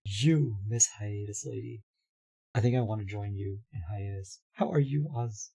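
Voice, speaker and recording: Young guy streaming, kinda hoarse, mellow husky voice, just chatting w chat. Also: on the low side, moderate pace. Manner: chatty, reads chat aloud, laughs often. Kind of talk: casual live-stream chat.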